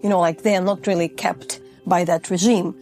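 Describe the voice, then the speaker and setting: Woman interviewer, halting phrasing, gravelly voice, faint music behind. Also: fairly low pitch, steady tone, a little mellow. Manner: earnest, halting non-native phrasing. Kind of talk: interview questions.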